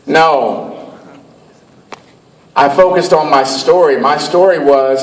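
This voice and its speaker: A man's voice: on the high side, takes it slowly, long pauses. Emphatic man speaking from across a hall. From Cleveland, Ohio, USA. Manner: emphatic, storytelling, repeats phrases. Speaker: motivational speaker. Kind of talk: motivational speech to an audience. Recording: echoey, far from the mic.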